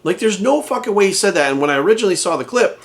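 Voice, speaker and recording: A fitness coach rants into his channel, heated, indignant and swearing freely. His voice sits a little higher than most men's. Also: lively intonation, racing. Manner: profane, heated, indignant ranting. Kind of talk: ranting commentary to camera.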